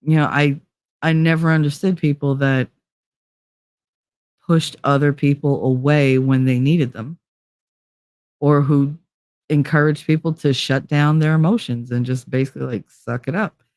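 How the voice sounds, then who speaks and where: A woman's voice: sits low, steady tone, measured pace, pauses often, a little mellow, no room sound, studio quality. A woman hosting a casual livestream who talks bluntly and openly about her feelings, with frequent swearing. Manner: blunt, profane and emotionally open. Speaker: livestream host.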